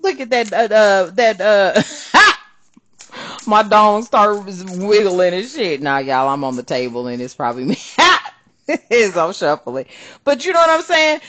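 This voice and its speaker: A woman's voice: medium pitch, sing-song, measured pace. A woman hosting a spiritual card-reading channel, ranting bluntly and profanely while reading cards.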